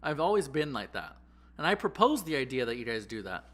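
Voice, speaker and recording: A young man hosting a podcast, telling a story in an animated, profane, exaggerating way. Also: mid-range voice, a little fast. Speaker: podcast host. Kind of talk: casual storytelling chat.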